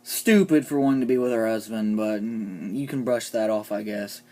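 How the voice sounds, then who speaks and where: A vlogger ranting casually about TV characters, opinionated and sarcastic, often trailing off into quiet asides. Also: mid-range voice, normal speed. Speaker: TV show reviewer.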